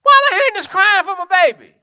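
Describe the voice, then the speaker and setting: A man's voice: very high-pitched, expressive, fast talker, bright, forceful tone, no echo, clean studio sound, voice pushed up, heavily acted. A man voicing an incredulous onlooker who exclaims in disbelief at hearing a hidden baby cry, in a sermon.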